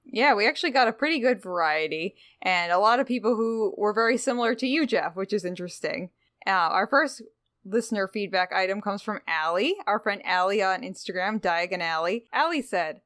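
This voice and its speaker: A woman co-hosting a podcast in easygoing chat, with a mid-pitched voice and a playful, teasing manner. She reads out listener mail, and her voice sounds dry and close, with no room echo. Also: a little fast, fairly bright tone. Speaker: podcast co-host.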